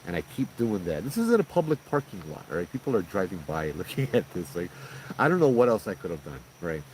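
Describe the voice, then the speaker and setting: A man, casually retelling a paranormal encounter as host, in an animated, conversational way. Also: deep voice, quick pace, slight background noise, low-quality recording. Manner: animated, conversational retelling with frequent "you know" and "right?". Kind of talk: casual spoken ghost story.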